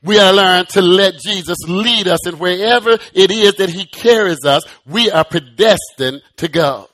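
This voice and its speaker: Preacher guy with a really high bright voice, goes from slow and soft to loud and shouty, keeps repeating words. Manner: repeats words in quick restarts. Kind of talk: sermon.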